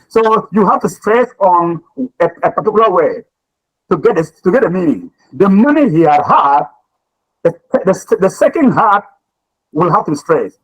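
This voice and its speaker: A man's voice: sits high, very animated, moderate pace, muffled recording. A man teaching a communication class, lecturing and questioning students, often repeating his words.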